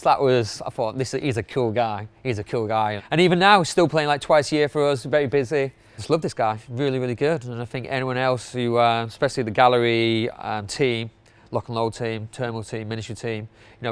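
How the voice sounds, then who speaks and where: Casting: middle-aged man, smooth clear voice, relaxed rambling club-promoter chat. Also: mid-range voice. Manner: chatty, rambling, with fillers and laughs. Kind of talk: casual spoken countdown.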